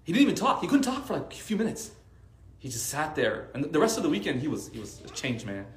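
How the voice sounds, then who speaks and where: A fast talker with a fairly high pitch, he's recorded in a reverberant space with a little hiss or hum. This Arabic teacher gives a casual religious talk to a faith circle, telling lively stories full of "like."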